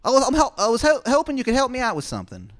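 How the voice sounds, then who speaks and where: A shrill whiny falsetto guy. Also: huge pitch swings, rapid-fire, exaggerated voice. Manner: high strained falsetto, shouting. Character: whiny wounded man, high shrieking voice.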